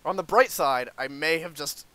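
A man hosting a casual gameplay chat, excitable and quick to burst into shouts and laughter. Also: on the high side, slight background noise. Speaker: let's play host.

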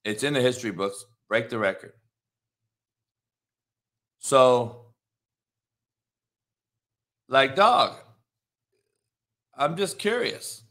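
A man hosting a sports talk show, ranting in a heated, profane way that swings from muttering to shouting. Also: medium pitch, sing-song, very slow, pauses often.

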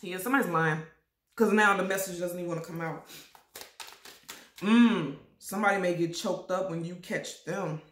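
Throat-clearing woman reading tarot, echoey room. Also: on the low side, normal speed, pauses often. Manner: repetitive, emphatic, addresses viewers directly. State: keeps clearing throat and coughing. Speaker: tarot reader. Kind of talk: casual tarot reading to camera.

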